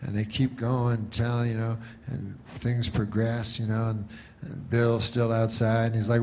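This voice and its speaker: A man doing a stand-up comedy monologue, deadpan and rambling through long setups. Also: mid-range voice, unhurried.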